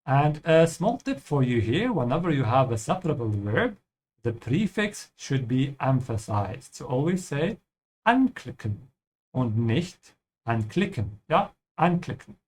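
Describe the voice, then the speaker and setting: A man's voice: mid-range voice, big pitch swings, a little slow, darkish tone, husky. A man teaching a language over gameplay, explaining patiently and checking in with the listener with "yeah?".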